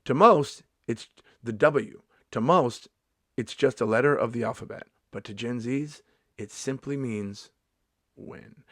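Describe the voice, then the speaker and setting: A man's voice: mid-range voice, a bit bright, no echo, clean studio sound. A man in his fifties doing a sarcastic, mock-indignant comedy vlog monologue, swearing freely as he rants. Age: 50s.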